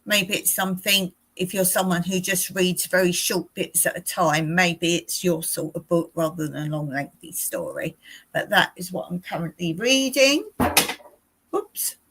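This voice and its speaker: A woman's voice: lowish voice, animated, a little slow, a bit bright, a little hiss or hum, low-quality recording. A middle-aged woman hosting a casual live stream, chatty and rambling, often laughing as she talks.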